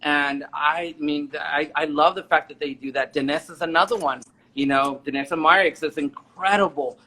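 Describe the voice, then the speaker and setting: A man in his forties, a makeup artist and photographer, chats as a guest in a casual interview, enthusiastic and rambling with many restarts. His fairly high voice is bright and forceful, with fairly even intonation at a moderate pace.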